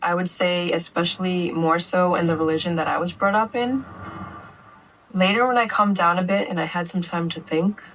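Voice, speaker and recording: Mother, interview testimony, earnest and steady delivery, low register, faint background hiss. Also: normal speed, low-quality recording. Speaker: mother telling her family's story.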